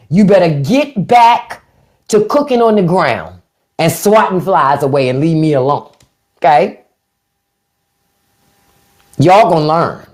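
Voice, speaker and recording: Middle-aged woman, livestream host; blunt, taunting delivery with a lively, animated pitch. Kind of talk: casual livestream talk.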